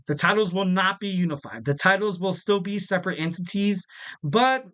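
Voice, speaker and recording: A man's voice: high-pitched, fairly bright tone, clear, resonant tone. A man in his twenties hosting a wrestling podcast in a casual, rambling way, often repeating phrases for emphasis. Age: 20s.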